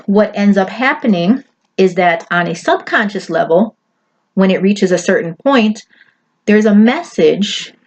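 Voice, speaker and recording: Chatty woman presenter, lo-fi recording. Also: mid-range voice. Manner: chatty, often checks in with "right?" and "okay". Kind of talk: casual lecture over slides. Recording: dull lo-fi audio with faint noise.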